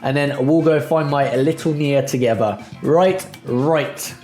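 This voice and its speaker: A man playing a boisterous energetic dad. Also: a little high, measured pace, reverberant, faint music behind, natural voice. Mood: eager. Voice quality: boisterous, impatient, blokey. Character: loud energetic youthful middle-aged father.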